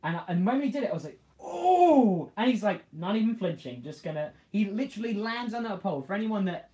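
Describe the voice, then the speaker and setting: A man's voice: sits high, animated, fast talker, darkish tone. A man co-hosting a casual podcast review, laughing a lot and acting out scenes. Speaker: podcast co-host. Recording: echoey room.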